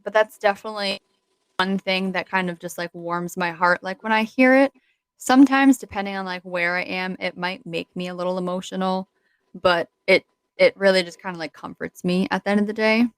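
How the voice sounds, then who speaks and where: A woman's voice: mid-range voice, brisk, clear, resonant tone, dry recording, low-quality recording. A young woman co-hosting a podcast, chatting casually with a rambling, giggly manner and many fillers. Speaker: podcast co-host. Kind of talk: casual chat.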